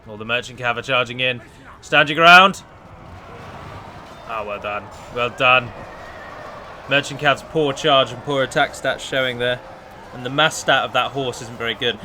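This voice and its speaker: A man's voice: mid-range voice, fairly even intonation, normal speed, sharp tone, a little hiss or hum. A man hosting a let's play, chatting through a strategy battle and breaking down unit stats in a casual, analytical way. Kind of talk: casual gameplay commentary.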